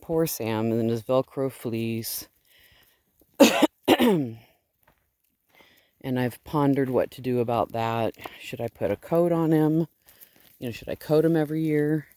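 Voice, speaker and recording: A woman's voice: very deep voice, expressive, slow, long pauses, dark tone, dry recording. A woman who raises sheep, chatting casually and affectionately as she walks outdoors on her farm, rambling a little with fillers. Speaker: fiber farm owner raising sheep. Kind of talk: casual vlog chat while walking.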